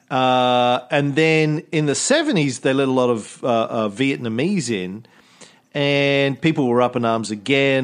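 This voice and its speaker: An Australian man hosts a podcast, chatting casually in a rambling, jokey way and frequently restarting his sentences. His voice is medium-pitched, unhurried, and smooth.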